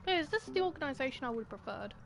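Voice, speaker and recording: Young woman game streamer, a little high-pitched, chatty play-by-play with sudden shouts at the screen, faint noise under the mic. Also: animated, vocal fry. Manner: chatty, talks to herself and the game characters, quick bursts of shouting. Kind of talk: live gameplay commentary.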